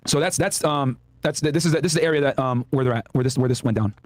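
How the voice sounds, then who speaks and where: A young man hosting a podcast, doing excitable, profane video commentary and laughing a lot. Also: medium pitch, fast, dry recording. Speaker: podcast host.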